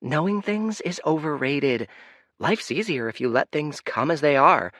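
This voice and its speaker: A carefree, oblivious young woman, played by a male audiobook narrator. She talks in a breezy, upbeat way, pitched high. Her voice carries loudly and swings freely. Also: animated, a little slow, dry recording, clean studio sound.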